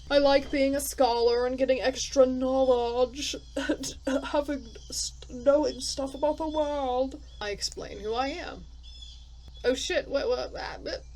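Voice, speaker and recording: A woman's voice: sits high, a little mellow, a little hiss or hum, poor audio. A woman playing a story game, reading its text aloud and thinking aloud in casual, chatty commentary, laughing at herself. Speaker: let's player.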